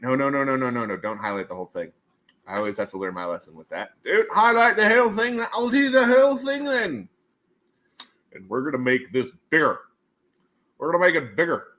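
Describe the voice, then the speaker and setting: A man hosting a casual livestream, thinking aloud as he works on screen and breaking into goofy shouted voices. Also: on the low side, expressive, fast. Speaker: livestream host.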